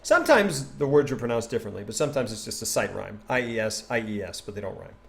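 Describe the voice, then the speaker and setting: A man casually teaching a poem on a livestream, chatty and animated, thinking aloud and tapping out rhythms. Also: medium pitch, fast, creaky. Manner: taps out rhythm with nonsense syllables. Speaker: streamer explaining a poem.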